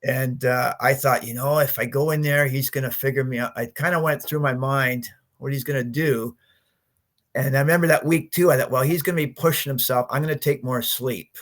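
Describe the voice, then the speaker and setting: Male podcast guest, fifties, mid-pitched, animated storyteller who acts out the dialogue. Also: fairly quick. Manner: animated storyteller, acts out his own quotes, laughs often. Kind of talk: storytelling interview.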